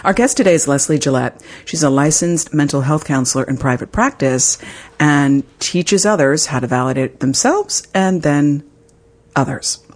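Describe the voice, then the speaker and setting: A woman hosts a podcast in a frank, conversational way, laughing at herself and now and then swearing. Her voice has a husky, breathy edge. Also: sits low, animated, normal speed. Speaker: podcast host. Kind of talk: candid conversational podcast talk.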